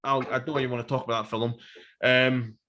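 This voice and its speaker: A man, co-hosting a casual review chat, animated and sweary, acting out quotes. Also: medium pitch, a little fast, muffled recording. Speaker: podcast co-host.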